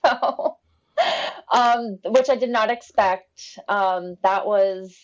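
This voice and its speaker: A young woman telling a story in casual conversation, animated and acting out the voices of the people in it. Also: medium pitch, takes it slowly, muffled recording. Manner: animated, acts out quoted voices, laughs often. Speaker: guest telling her birth story.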